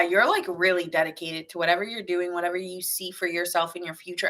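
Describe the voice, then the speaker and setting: A woman's voice: lowish voice, bright, forceful tone. A woman giving a casual live tarot reading, chatty and laughing often as she acts out what people think. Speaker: tarot reader.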